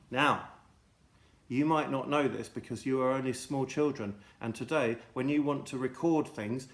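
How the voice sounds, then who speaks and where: A man rambles through a comic children's monologue in a silly, mock-pompous tone. His voice sits at a middle pitch and carries the echo of a roomy indoor space. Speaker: host. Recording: echoey room.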